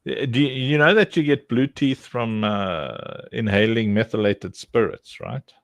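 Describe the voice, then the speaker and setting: A man's voice: mid-range voice, measured pace, gravelly, no room sound. A man hosting a livestream, joking and teasing his guests in casual group chat. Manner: joking, teasing, laughs often. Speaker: livestream host.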